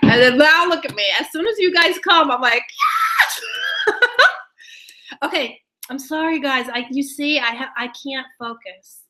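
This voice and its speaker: A young woman chats through a live giveaway stream, excitable and scattered, often laughing and breaking off mid-thought. Her voice sits a little high and has a bright, forceful edge. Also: moderate pace, hardly any pauses, rough recording. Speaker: beauty vlogger hosting a live giveaway stream. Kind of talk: casual live-stream chat reading comments.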